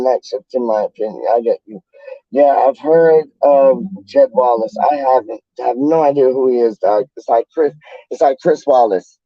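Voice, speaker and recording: A man's voice: medium pitch, no room sound, lo-fi sound. A man from the UK hosting a casual livestream, reading out chat in a slangy, rambling, playful way. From United Kingdom.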